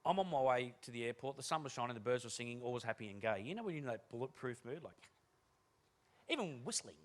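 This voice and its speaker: A man giving a humorous keynote talk on stage, telling energetic, joking stories to an audience. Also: medium pitch, quick pace. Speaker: keynote speaker.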